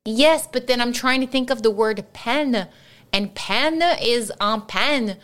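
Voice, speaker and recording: A woman co-hosting a podcast, chatting casually in an animated way, laughing often and swearing freely. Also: on the high side, takes it slowly. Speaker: podcast co-host. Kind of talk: casual chat.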